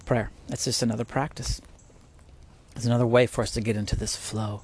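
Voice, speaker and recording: A podcast host speaks loosely and unscripted about spiritual matters at home near spiders, circling back on his words and often laughing. His middle-pitched, darkish voice sounds earnest and easygoing, fairly quick, with fairly even intonation. There's slight background noise.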